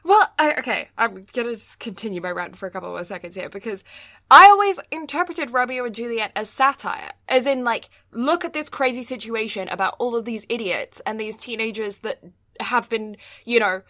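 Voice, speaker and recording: A woman's voice: a little high, animated, fairly quick, pushed and bright, no room sound, clean studio sound. A young woman co-hosting a casual podcast chat, ranting with lots of fillers and laughs. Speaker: podcast co-host.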